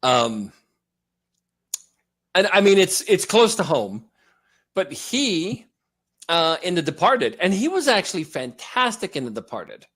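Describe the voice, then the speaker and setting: A slightly hoarse man co-hosting a movie podcast, rambling and joking in casual chat. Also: high-pitched, big pitch swings, a little slow, pauses often, fairly bright tone. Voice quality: rambling, joking, laughs often. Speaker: podcast co-host.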